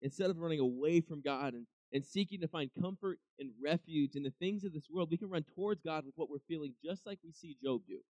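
A man's voice: a little high, quick pace, few pauses, dark tone, no room sound, muffled recording. Casual young male preacher, dry sound. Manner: conversational, acts out quoted voices, many restarts. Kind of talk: casual devotional talk.

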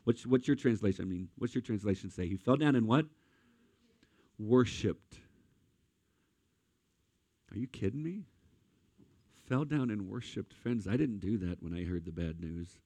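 A man's voice: lowish voice, animated, moderate pace, mellow, no echo. A man preaching a sermon, telling a personal story with rising emotion and speaking directly to his listeners as friends. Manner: emotional storytelling, addresses audience as guys and friends. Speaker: pastor.

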